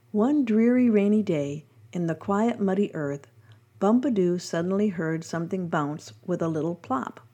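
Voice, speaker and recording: Woman reading a devotional podcast, gentle storybook telling, mellow voice. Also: lowish voice.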